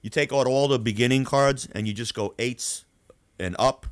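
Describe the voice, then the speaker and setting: A man from Queens, hosting a podcast and telling stories in a profane, animated way. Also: mid-range voice, normal speed, smooth, no echo. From Queens, New York. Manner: animated, profane, acts out voices. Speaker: podcast host. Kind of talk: casual storytelling.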